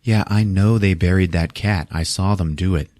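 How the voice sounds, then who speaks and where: A man voicing an upset young college woman who talks in a flat, irritated way. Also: low voice, normal speed, dry recording, clean studio sound, natural voice.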